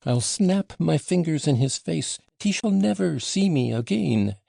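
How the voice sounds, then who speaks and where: A man's voice: fairly low pitch, animated, unhurried, vocal fry, warm tone, slightly rough, no echo, studio quality, exaggerated voice. A man reading an audiobook voices a passionate, wounded young woman, talking in a raised, emotional way that swings from tender to scornful. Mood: defiant. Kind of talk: audiobook character voicing.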